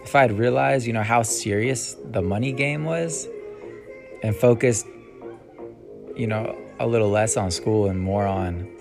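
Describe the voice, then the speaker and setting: Low gravelly young man musing casually. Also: unhurried. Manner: casual, musing, trailing off with many ums and sighs. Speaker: podcast host. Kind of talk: rambling solo podcast monologue. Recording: music playing behind the voice.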